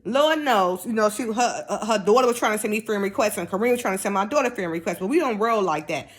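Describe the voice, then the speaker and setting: A woman's voice: mid-range voice, quick pace. A middle-aged woman casually telling a personal story, acting out the dialogue in a raised voice. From United States. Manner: animated, acts out dialogue in raised voice.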